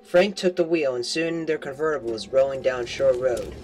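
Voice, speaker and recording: A man's voice: medium pitch, moderate pace, a little mellow, rough recording. A man reading a novel aloud as an amateur audiobook, stumbling and correcting himself as he goes. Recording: home recording with faint music.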